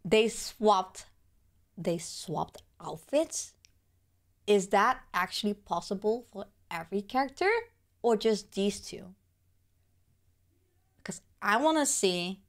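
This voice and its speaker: Young woman, hoarse from illness, lively and exclamatory, fangirling on camera. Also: medium pitch, takes it slowly, pauses often. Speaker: gaming video creator. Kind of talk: excited video reaction.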